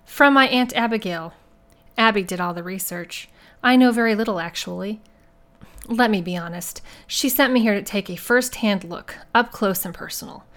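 A woman voicing a male detective posing as a soft-spoken, giggly rich twit in an audiobook. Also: medium pitch, moderate pace, natural voice. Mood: silly. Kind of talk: audiobook character voice.

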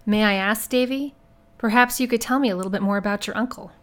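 A woman's voice: medium pitch, fast talker, fairly bright tone, lightly acted. A woman voicing a poised female nursing home director in her forties with a pleasant, polished manner in an audiobook. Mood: polite. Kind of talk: audiobook character voice.

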